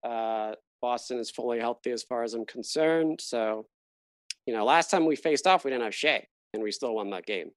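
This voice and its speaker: A man hosting a casual sports podcast, chatty and quick to laugh, often trailing off mid-thought. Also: medium pitch, dry recording. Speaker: podcast host. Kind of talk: casual chat.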